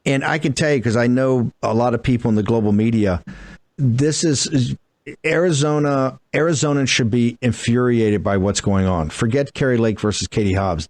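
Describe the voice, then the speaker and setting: A man's voice: mid-range voice, a little mellow, dry recording. A man hosting a talk radio show, blunt and emphatic, firing off asides as he interviews his guests.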